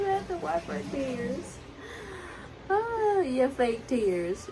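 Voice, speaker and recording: Woman vlogger, slow, noisy home. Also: very animated, creaky. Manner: coos in a high baby-talk voice to her children; earnest, preachy testimony about faith. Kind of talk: casual family vlog and personal testimony.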